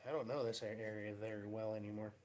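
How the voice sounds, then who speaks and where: A man's voice: lowish voice, steady tone, quick pace, a little mellow, a little hiss or hum. Guy rambling through his day on a vlog, dry wry tone, mocks people he met. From Pacific Northwest of the US. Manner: rambling, wry storytelling with mocking voices. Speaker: vlogger. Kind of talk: casual vlog chat.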